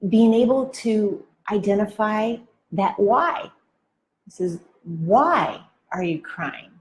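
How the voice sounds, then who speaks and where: A married woman giving a devotional talk to women. She speaks deliberately, poses reflective questions and often adds "right?". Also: mid-range voice, darkish tone. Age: married adult. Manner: slow and deliberate, with frequent "right?" tags; asks the listener reflective questions.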